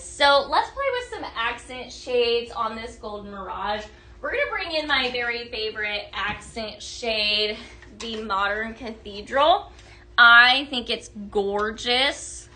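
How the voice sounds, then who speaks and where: Bright, gushing woman hosting a live sale. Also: on the high side. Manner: chatty, gushing, greets viewers by name. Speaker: live sales host. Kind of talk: live-stream product demo.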